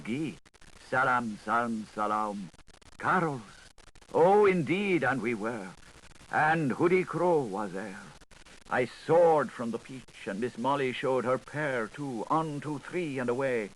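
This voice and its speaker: A man reading an unabridged literary audiobook in a lilting, sing-song recitation with wide swings in loudness. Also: mid-range voice, rough recording. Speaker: audiobook narrator. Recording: 1980s studio tape, faint hiss.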